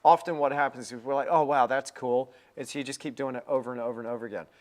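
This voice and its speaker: A man's voice: medium pitch, fairly even intonation, rapid-fire. A young man giving a live painting lesson, chatty and rambling with a self-deprecating manner. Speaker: painting instructor.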